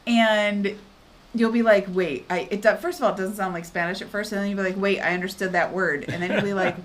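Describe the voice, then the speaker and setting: A woman co-hosting a casual livestream, chatting and telling stories in an animated way. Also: mid-range voice, brisk. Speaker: livestream co-host.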